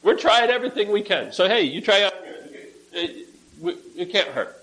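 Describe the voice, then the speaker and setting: A man voicing an exasperated ship captain in a casual, street-style paraphrase, pitched higher than his own voice. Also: animated, moderate pace, sharp tone, rough recording. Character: exasperated male ship captain, anxious, pleading.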